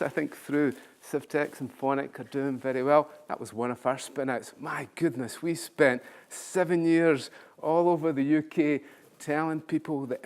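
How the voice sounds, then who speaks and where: An older man, a professor giving a conference talk with self-deprecating humorous storytelling. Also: mid-range voice. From Scotland. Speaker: keynote speaker, professor.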